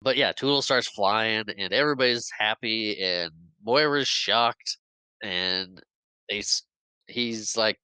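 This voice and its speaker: Male podcast co-host, chatty animated recap, bright clear voice, dry sound. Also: lowish voice, a little slow, dry recording, low-quality recording. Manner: chatty, animated retelling with acted quotes. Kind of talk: casual film recap.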